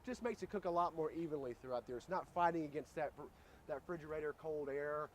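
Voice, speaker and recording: Casual grill host, male, slightly higher voice, joking and chatty, faint outdoor noise behind. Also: fast talker. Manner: joking, chatty, addresses viewers as guys. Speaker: grill cooking show host. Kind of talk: casual cooking demo.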